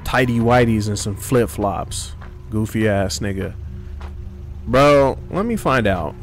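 A man giving loud, profane horror game commentary as a gaming streamer, trash-talking at the screen. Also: lowish voice, lively intonation, slow pace, a little hiss or hum.

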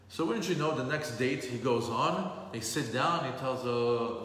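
A man's voice: mid-range voice, animated, moderate pace, a bit bright. Man teaching a Torah class in an echoey hall. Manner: repeats phrases for emphasis, mixes in Hebrew terms. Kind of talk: storytelling Torah lesson. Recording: echoey hall with faint background noise.

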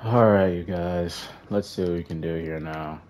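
A young man with a low, mellow voice talks through his football video game as he plays. He groans at his players on screen, and flat, tired sighs break up his outbursts. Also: normal speed, slight background noise. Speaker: gaming YouTuber. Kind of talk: casual gameplay commentary.

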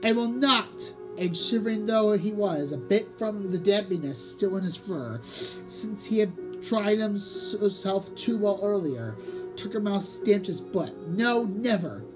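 A woman's voice: medium pitch, lively intonation, measured pace, low-quality recording. A woman narrating a children's audiobook expressively, drawing out key words for emphasis. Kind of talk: storybook read-aloud narration. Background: music.

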